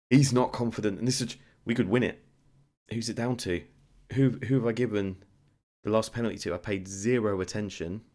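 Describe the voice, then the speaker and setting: Male gamer, deep voice, lively commentary over his own play, mutters then erupts. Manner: excitable, swings between muttering and shouting. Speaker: gaming YouTuber. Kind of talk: live game commentary.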